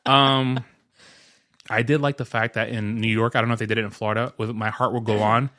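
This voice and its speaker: A man co-hosts a music podcast with a middle-pitched voice. He jokes constantly and breaks into laughter often. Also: level tone, fairly quick, sharp tone, no echo, clean studio sound. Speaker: podcast co-host. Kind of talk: casual chat.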